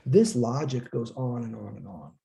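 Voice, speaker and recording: A man's voice: mid-range voice, lively intonation, normal speed, creaky, dark tone. A man giving an informal, conversational lecture, acting out quoted voices and swearing now and then. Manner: casual, conversational, acts out quoted voices, occasional profanity.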